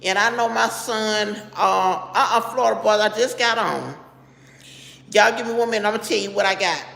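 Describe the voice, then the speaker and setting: A woman's voice: medium pitch, normal speed, gravelly, fairly bright tone. A middle-aged woman hosting a casual live stream. She talks bluntly and keeps breaking off to greet viewers by name. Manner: chatty, greets viewers by name mid-sentence; blunt and straight-talking. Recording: echoey room with long reverb.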